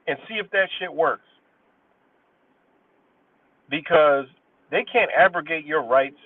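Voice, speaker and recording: A New York State man with a fairly high, lively voice hosts a livestream, haltingly reading legal case citations before ranting bluntly with plenty of cursing. The sound is tinny and phone-like, dry, and distant from the mic.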